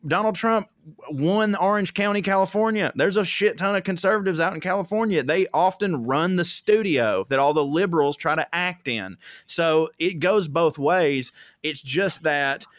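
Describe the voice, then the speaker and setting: A young man from the American South with a Southern accent, an animated storyteller who swears freely and acts out quotes in casual chat. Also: fairly high pitch, normal speed, dry recording, studio quality. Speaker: comedian guest.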